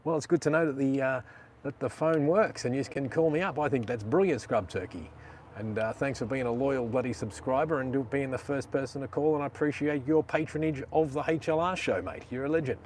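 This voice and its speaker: A man's voice: medium pitch, brisk, a little mellow, slight background noise. Chatty Australian man hosting a live stream. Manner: chatty, rambling, slangy. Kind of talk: casual live stream chat.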